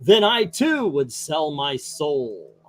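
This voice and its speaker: Unhinged shrill clown villain guy doing it, comic read-aloud, pitched way up, loud. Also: very animated, takes it slowly. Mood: scheming. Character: manic grown male clown supervillain, theatrical.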